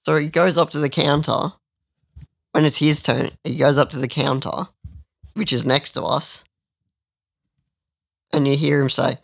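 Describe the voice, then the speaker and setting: Young man, crude and rambling storyteller; gravelly, dry close recording. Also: a little high, steady tone, measured pace, pauses often, dry recording. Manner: rambling, crude, with lots of restarts. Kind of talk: casual storytelling chat.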